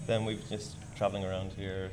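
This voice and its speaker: A man's voice: low-pitched, little pitch movement, fairly quick. A man with an Irish accent, a guest chatting casually and laughing easily between short answers. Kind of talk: casual chat. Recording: loud crowd chatter behind.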